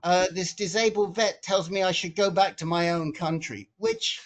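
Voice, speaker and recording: A man with a notably high voice tells a story on a group video call. He gets animated and often restarts and repeats his words as he talks. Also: normal speed. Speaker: support group member.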